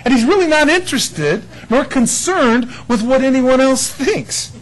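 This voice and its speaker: A man's voice: very high-pitched, lively intonation, measured pace, rough recording. A man preaching a sermon, telling stories with laughter and acted-out quotes. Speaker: pastor.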